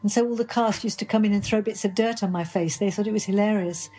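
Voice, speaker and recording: A woman's voice: medium pitch, steady tone, fast talker, warm tone. An older woman from Birmingham, an actress being interviewed, answering in a chatty, enthusiastic way. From Birmingham, England. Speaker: actress guest.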